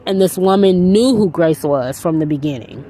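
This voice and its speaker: Low-voiced woman retelling a story. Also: moderate pace, mellow, a little hiss or hum. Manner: rambling and earnest, with frequent "you know". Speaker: faith vlogger. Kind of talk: casual storytelling, retelling a film.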